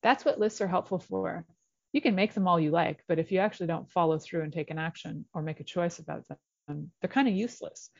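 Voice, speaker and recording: A woman's voice: lowish voice, brisk, gravelly, darkish tone, no room sound. A middle-aged woman hosting a talk show, chatty and encouraging with playful asides. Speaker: radio show host. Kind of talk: casual solo talk show monologue. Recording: slightly dull lo-fi recording.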